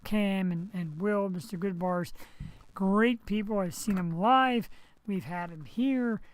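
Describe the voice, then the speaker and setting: A man's voice: sits high, takes it slowly, low-quality recording. A man hosting his live internet show from home on a headset mic. He rambles in a loose, chatty way, tossing in jokey asides. He's recovering from surgery. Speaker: host. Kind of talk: casual live web show chat. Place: home setup, streaming.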